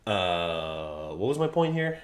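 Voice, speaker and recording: A man's voice: low voice, very animated, slow pace. A man from Philadelphia, a podcast guest, chatting casually and rambling as he loses his thread. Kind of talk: casual chat.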